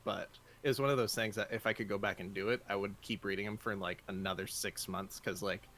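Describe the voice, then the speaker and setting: A man's voice: fairly low pitch, fairly even intonation, fairly quick, fairly bright tone, a little hiss or hum. A man co-hosting a gaming morning show, with dry, laid-back short replies. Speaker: co-host. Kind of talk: casual chat.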